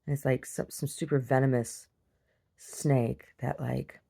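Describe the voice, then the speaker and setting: A woman vlogger casually retelling a dream in a rambling, animated way, full of restarts. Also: extremely low pitch, a little slow, vocal fry, husky. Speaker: video diary vlogger. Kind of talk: casual storytelling to camera.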